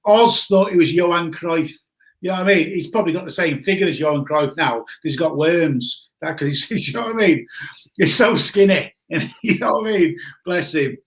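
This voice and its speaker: A man in his forties telling a story in a casual chat, animated and laughing often, greeting viewers as he goes. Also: fairly high pitch, moderate pace. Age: 40s. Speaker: guest.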